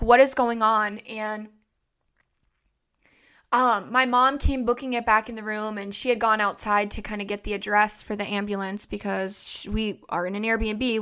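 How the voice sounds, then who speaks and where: A young adult woman hosting a podcast, retelling a painful personal story in a halting, emotional way with many fillers. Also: mid-range voice, sharp tone, smooth. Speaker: podcast host.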